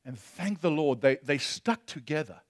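A man's voice: fairly high pitch, lively intonation, moderate pace, no room sound. Impassioned male pastor, dry sound. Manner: impassioned, swinging from loud preaching to hushed storytelling. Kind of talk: sermon.

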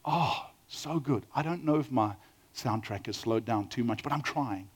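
A middle-aged man with a South African accent, preaching a sermon with lively storytelling and questions to the audience. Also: mid-range voice, normal speed, husky. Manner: animated storytelling, asks the audience questions, acts out quoted dialogue. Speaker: pastor.

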